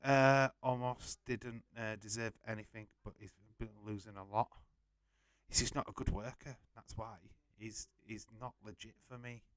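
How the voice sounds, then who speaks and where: At a moderate pace and with fairly even intonation, a man with a lowish voice hosts a live wrestling watch-along, with no room sound. His style is blunt and casual, full of swearing, greetings to viewers, and viewer comments read aloud.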